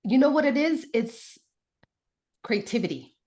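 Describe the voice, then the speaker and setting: A woman, a guest on a talk show, telling a childhood story in a casual, animated way with lots of fillers and restarts. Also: on the high side, unhurried. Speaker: podcast guest, mother.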